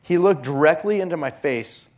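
A man preaching a sermon as a pastor, earnest, often dropping his voice to a hushed whisper on key phrases. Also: on the high side, lively intonation, normal speed.

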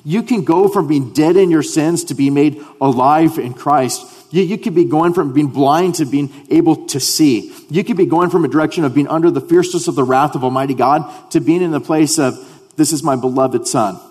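A man preaching a sermon as a pastor. He repeats words when he restarts, and he swings between loud emphasis and hushed lines. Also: on the high side, brisk, few pauses, breathy edge, big-room sound.

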